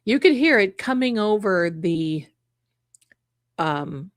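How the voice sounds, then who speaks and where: A middle-aged woman, telling a ghost story at home in a casual, animated way and acting out the voices she quotes. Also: mid-range voice, slow pace, no room sound, clean studio sound. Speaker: psychic show host.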